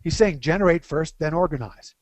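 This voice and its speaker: Middle-aged male guest expert, animated and emphatic, a touch high-pitched, dry close mic. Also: no room sound. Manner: animated storyteller, stresses key phrases slowly. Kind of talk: webcast interview.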